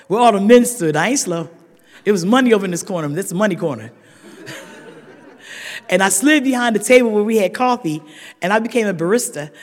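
Older lady telling her story to a meeting, laughing a lot, big echoey hall. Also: fairly high pitch. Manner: lively storyteller, laughs often, rises to shouted emphasis. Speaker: speaker sharing a recovery story. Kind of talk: humorous testimony to a meeting.

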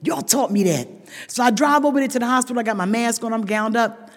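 Talking quickly in a fairly high voice, a woman gives a raw, emphatic share of her recovery story, addressing the room at a meeting. A long hall reverb surrounds her words.

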